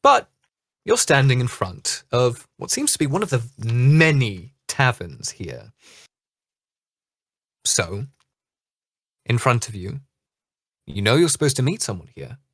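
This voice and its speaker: A man's voice: mid-range voice, big pitch swings, takes it slowly, pauses often, a bit bright, no room sound, clean studio sound. A man narrating a tabletop game as dungeon master in a loose, chatty way with fillers.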